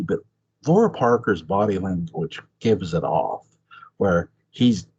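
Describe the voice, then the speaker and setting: A man chatting casually as a podcast host, excitable and swearing freely, his voice jumping up high when he exclaims. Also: unhurried, breathy edge. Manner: swears freely, laughs often. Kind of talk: casual chat.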